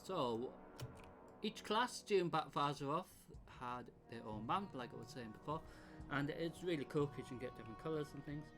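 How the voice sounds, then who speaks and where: A man's voice: a little high, lively intonation, fairly quick. A man casually commenting on a video game as he plays, chatty and rambling. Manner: chatty, rambling, laughs often. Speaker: game streamer. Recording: stream mic with game music.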